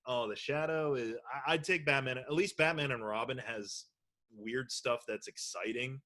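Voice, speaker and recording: A man co-hosting a casual podcast chat, measured and opinionated. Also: mid-range voice, pushed and bright. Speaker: podcast co-host.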